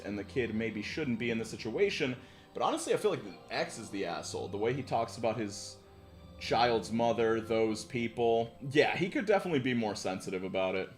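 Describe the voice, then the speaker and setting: A man in his twenties hosting a live stream, chatting casually in slang and swearing freely as he reacts to forum posts. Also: medium pitch. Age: 20s. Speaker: livestream host reading forum posts.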